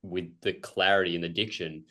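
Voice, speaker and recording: Laid-back Australian man, lowish voice. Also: brisk. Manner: relaxed, chatty, lots of "like" fillers. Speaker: podcast host. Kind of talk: casual interview chat.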